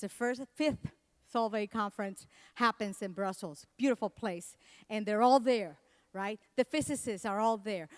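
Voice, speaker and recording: A middle-aged woman from Latin America giving a comedic keynote talk, telling animated stories and acting out the people she quotes. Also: a little high. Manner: animated storytelling, acts out quotes. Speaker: keynote speaker.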